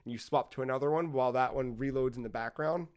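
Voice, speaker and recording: A man co-hosting a casual gaming podcast, retelling game scenes with lively acted-out dialogue and casual swearing. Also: medium pitch, fast talker. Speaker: podcast co-host.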